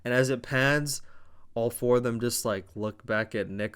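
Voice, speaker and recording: A Canadian man recaps a wrestling show in a casual vlog, excitable and full of swearing and fillers. His voice is medium-pitched and clean-toned, and he doesn't rush.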